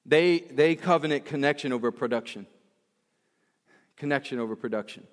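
A man's voice: mid-range voice, normal speed, big-room sound. A man preaching a sermon in a church, emphatic and repetitive, often restarting his phrases.

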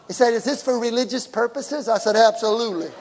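A middle-aged man preaching a sermon, animated and shouting to his congregation. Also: extremely high pitch, fast talker, noisy background. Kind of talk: sermon with personal story. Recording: large hall with long reverb.

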